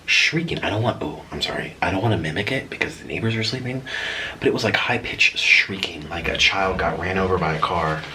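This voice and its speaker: A man's voice: sits low, a little fast, pushed and bright, slight background noise, rough recording. A man telling a story in a casual vlog while eating noodles at home at night. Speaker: vlogger.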